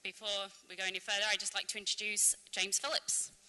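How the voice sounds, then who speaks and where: A woman's voice: medium pitch, little pitch movement, fast, pushed and bright, poor audio. A woman presenting at an event, casually introducing the next speaker with many ums. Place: event venue.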